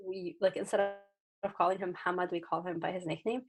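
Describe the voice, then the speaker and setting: A woman's voice: fairly low pitch, little pitch movement, fast. A woman in the audience asking a question hesitantly, with many fillers. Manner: hesitant, lots of "like".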